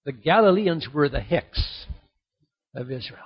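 Husky high-voiced man preaching a sermon. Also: a little slow, long pauses. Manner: animated preaching that climbs to excited peaks. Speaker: pastor. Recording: dull lo-fi sound.

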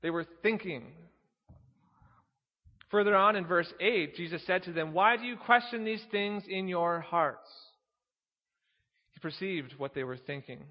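A man's voice: sits high, animated, unhurried, pauses often, long reverb tail, dull audio. A man preaching a sermon, teaching earnestly, reading scripture aloud and posing rhetorical questions.

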